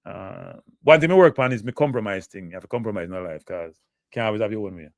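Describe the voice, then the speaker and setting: A man's voice: on the low side, fast talker, vocal fry, no echo, studio quality. A Jamaican man hosting a live football talk show, blunt and emotive, answering chat comments.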